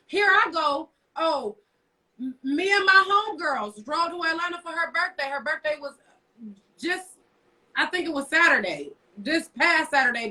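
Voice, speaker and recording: A woman with a high, bright, piercing voice rants bluntly and profanely on a live stream, telling one story after another. Her voice sits a bit away from the phone mic, so it sounds slightly distant. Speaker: co-host. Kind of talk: casual livestream rant. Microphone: phone livestream.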